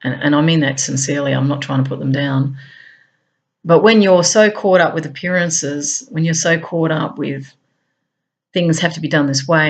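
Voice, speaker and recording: A middle-aged Australian woman with an Australian accent, speaking earnestly in an unhurried, reflective personal monologue. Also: low-pitched, slightly rough. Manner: earnest, unhurried, with frequent laughs. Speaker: speaker on a talk show.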